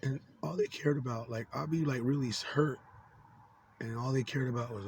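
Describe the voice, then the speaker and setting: A man in his forties vents to camera in an unscripted monologue, swearing freely and stumbling through fillers and restarts. His voice sits at an ordinary male pitch. A faint background noise runs under him. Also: steady tone, fairly quick. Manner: angry, profane, rambling with many fillers. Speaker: vlogger.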